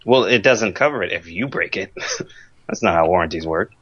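A man's voice: low voice, animated, normal speed, a bit bright, slightly rough, highs cut off. A young man in casual gaming chat with friends, teasing and laughing often.

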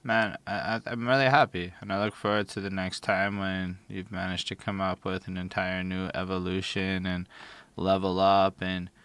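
Low-voiced man, easygoing and affirming. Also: level tone, moderate pace, fairly bright tone, clean tone, no echo. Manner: easygoing, affirming, says facts. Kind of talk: casual chat.

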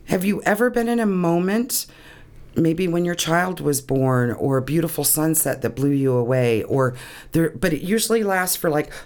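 A woman recounts a deeply personal experience in an interview, speaking earnestly. Her voice wavers with emotion, close to tears, and laughter often breaks through. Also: normal speed, a little mellow. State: tearing up. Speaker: guest.

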